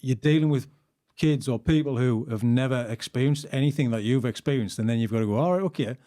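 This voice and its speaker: A man hosting a podcast, chatting casually and telling animated stories. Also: mid-range voice, a little fast. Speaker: podcast host. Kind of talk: casual chat.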